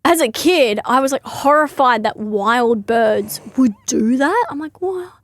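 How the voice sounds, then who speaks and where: A woman's voice: fairly high pitch, a little slow. A young woman comedian rambling through a casual comic monologue, giggling often and correcting herself mid-sentence.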